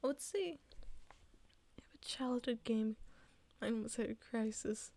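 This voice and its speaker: A woman's voice: fairly high pitch, unhurried, creaky, warm tone. An eighteen-year-old woman streaming, chatting casually and rambling, laughing often.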